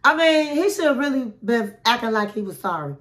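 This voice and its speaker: A woman's voice: on the high side, very animated, a little fast, fairly bright tone. A woman hosting a casual reality TV recap, chatty and dramatic, acting out the quotes and calling the listener honey.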